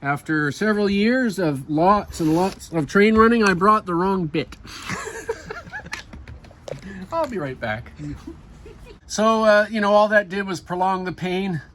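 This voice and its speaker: Chatty hobby guy narrating outside, high lively voice, noise in the background. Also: moderate pace. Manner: chatty and sentimental. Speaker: hobby railway vlogger. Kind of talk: casual narration. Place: outdoors in a garden.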